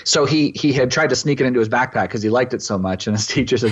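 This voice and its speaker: A middle-aged man from East Texas, a pastor, telling a personal story in an interview with halting, reflective pauses and restarts. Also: medium pitch, a little hiss or hum. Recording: slightly muffled lo-fi audio.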